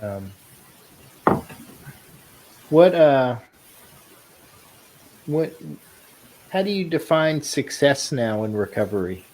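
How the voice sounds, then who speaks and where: Very slow-talking male interview host. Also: mid-range voice, lively intonation, a little mellow, slight background noise, rough recording.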